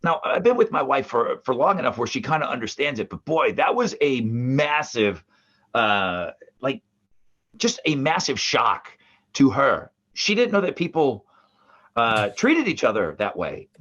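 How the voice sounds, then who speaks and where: A man from the northeastern United States co-hosting a podcast from his mother's basement, telling family stories in a casual, animated way with plenty of swearing. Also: mid-range voice, a little slow, slightly rough, dull audio. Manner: animated storyteller, swears, acts out family members' voices. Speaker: podcast co-host.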